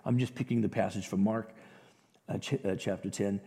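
A man preaching a sermon as a pastor, animated and acting out the voices of the people in the story. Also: lowish voice, moderate pace, slightly rough. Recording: echoey hall with long reverb.

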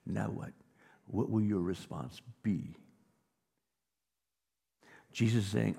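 A man preaching a sermon as pastor, animated, dropping to quiet asides and rising to loud emphasis. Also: low voice, moderate pace, vocal fry, breathy edge. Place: church sanctuary. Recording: long reverb of a large hall.

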